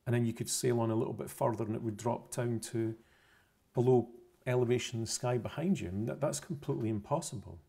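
A man gives an unscripted science explanation over pictures, repeating points methodically and often correcting himself mid-phrase. He talks fast at medium pitch, with a warm, slightly rough tone and vocal fry.

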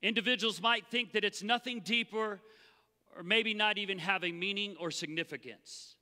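Man, pastor, animated preaching, bright tone, long reverb. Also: sits high, normal speed. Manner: animated, acts out the Bible voices. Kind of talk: sermon. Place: church sanctuary.

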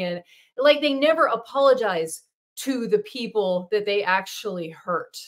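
A woman's voice: medium pitch, a little slow. A woman co-hosting a casual chat, commenting in a reflective, thoughtful way. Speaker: podcast co-host.

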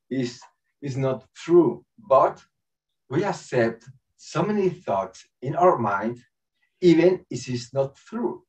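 A man giving a spiritual talk with prayer, halting and searching for words in a second language, chuckling often between thoughts. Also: medium pitch, darkish tone. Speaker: spiritual teacher. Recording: dull, distant lo-fi call audio.

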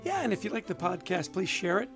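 A man co-hosting a podcast in easy, upbeat conversation. His voice sits a little high with a gravelly fry, and faint music plays behind him. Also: sing-song, fast talker. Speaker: podcast co-host. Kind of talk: casual podcast chat.

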